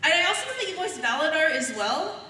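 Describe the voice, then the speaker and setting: A woman's voice: high voice, sing-song, fast talker, bright, forceful tone, slight background noise. A woman fan asking a panel guest a question, eager and giggly. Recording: echoey hall recorded from far off.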